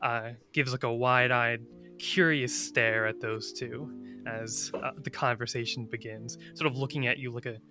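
A man playing a tabletop game, describing his character's actions in halting detail. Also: mid-range voice, fairly even intonation, music in the background. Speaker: player.

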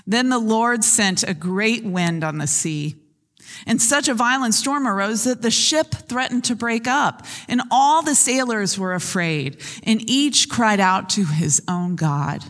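A woman's voice: fairly high pitch, a little slow. Woman pastor preaching in a reverberant hall. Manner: storytelling, animated retelling of scripture. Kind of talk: sermon. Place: church sanctuary.

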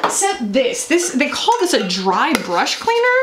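A woman chatting casually as a beauty vlogger, animated and often laughing, alone in a room talking to a camera. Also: a little high, normal speed, few pauses, reverberant, noisy background. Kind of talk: casual makeup review vlog.

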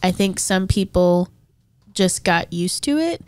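A young woman, a worship leader guest, speaking thoughtfully and gently in a casual interview. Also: fairly low pitch, expressive, takes it slowly, clear, resonant tone, dry recording.

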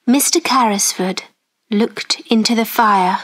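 Slow, clear woman storyteller. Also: mid-range voice. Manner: clear, deliberate. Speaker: story narrator. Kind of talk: slow graded-reader narration.

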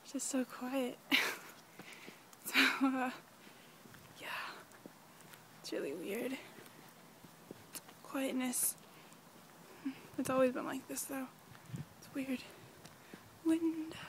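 A teenage girl chatting casually in a rambling, giggly daily vlog, talking softly while walking outdoors in a quiet neighborhood. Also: high voice, takes it slowly, long pauses, a little hiss or hum. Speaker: vlogger.

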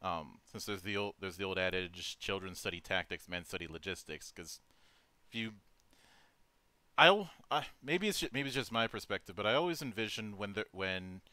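Halting lowish male host, dry sound. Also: animated, sharp tone, dry recording. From Minnesota. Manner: halting, many restarts and ums. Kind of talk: casual interview chat.

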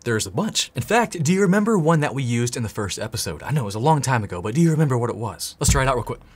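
A man's voice: mid-range voice, big pitch swings, very fast, slightly rough. A man hosting a tech tutorial, playful and jokey, talking straight to the viewer as he types. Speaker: tech course host. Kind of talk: energetic screen-share tutorial.

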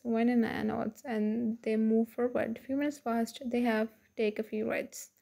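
Gravelly woman reading a story. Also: fairly high pitch, little pitch movement, moderate pace, hardly any pauses, mellow. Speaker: fan fiction narrator. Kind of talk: reading fan fiction aloud.

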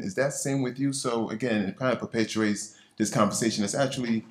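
A man with a Nigerian accent talks on a panel in an echoing hall. His voice sits low. His storytelling is lively and playful, full of rhetorical asides. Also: brisk, few pauses. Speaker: orthopaedic surgeon. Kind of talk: panel discussion. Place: symposium lecture hall. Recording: echoey conference hall on a mic.

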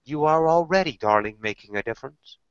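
A woman's voice: low voice, lively intonation, fairly quick, no echo. A woman channeling spiritual teachings in a webinar, preachy, with rhetorical questions, calling the listener darling. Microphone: webinar call audio. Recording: slightly dull webinar audio.

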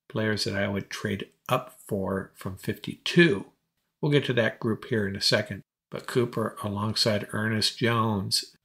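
A man's voice: mid-range voice, fairly bright tone. A man hosting a solo sports podcast, giving emphatic, opinionated draft analysis. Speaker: podcast host.

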